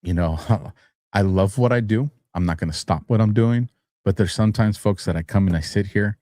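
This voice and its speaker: A man's voice: on the low side, normal speed, dry recording. Tired man rambling on a livestream. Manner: rambling, chuckles between phrases, grows heated and louder when arguing. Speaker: host of a live-streamed talk show. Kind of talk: casual live-stream commentary. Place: studio.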